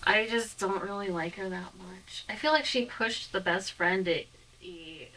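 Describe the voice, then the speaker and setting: Comedy host lady, awkward rambly chat, laughs a bunch, sharp bright tone. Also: mid-range voice, unhurried, far from the mic, slight background noise, poor audio. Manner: laughs often, rambling and hesitant.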